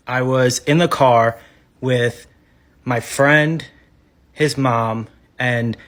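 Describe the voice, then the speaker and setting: A man recounts an unsettling childhood memory. He speaks in halting, measured phrases, with a mid-range voice. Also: medium pitch, a bit bright. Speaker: storyteller. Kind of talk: casual storytime.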